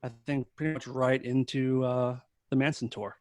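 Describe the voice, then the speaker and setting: A man guesting on a podcast, telling a story in casual chat, animated and laughing often. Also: mid-range voice, moderate pace, no room sound. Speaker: podcast guest, former tour crew member.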